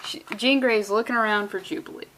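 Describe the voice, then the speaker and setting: A woman reading a comic book aloud in a casual way, breaking off for sarcastic, deadpan jokes and stumbling over words. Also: mid-range voice, fairly quick, a little hiss or hum.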